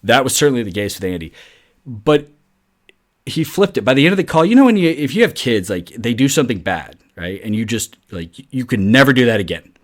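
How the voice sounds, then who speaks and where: A man's voice: medium pitch, very animated, fairly quick. A middle-aged man hosting a podcast, telling a story in a loose, chatty way, peppering his talk with "like" and "right?". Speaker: podcast host. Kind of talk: casual storytelling monologue.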